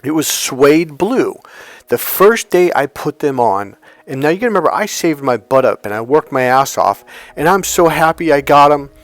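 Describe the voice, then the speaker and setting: Man, dating coach, blunt, cusses freely, storytelling monologue, slightly high-pitched voice, soft music in the background. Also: lively intonation, moderate pace, no room sound. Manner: blunt, profane, storytelling with acted-out quotes.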